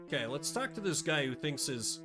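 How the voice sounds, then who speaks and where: Talkative male streamer, animated pitch, music from the game under him. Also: a little fast. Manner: chatty, rambling, self-deprecating. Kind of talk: casual live-stream commentary.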